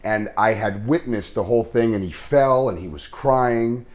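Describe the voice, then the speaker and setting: A man, an actor, telling an earnest and halting story in an interview, full of restarts. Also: lowish voice.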